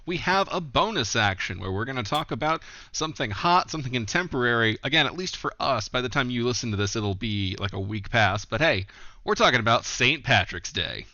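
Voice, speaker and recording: A man's voice: medium pitch, a little fast, no echo. A man hosting a podcast, introducing guests and chatting casually and with laughter. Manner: laughing, relaxed rambling. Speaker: podcast host. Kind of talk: casual group chat. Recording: dull lo-fi sound.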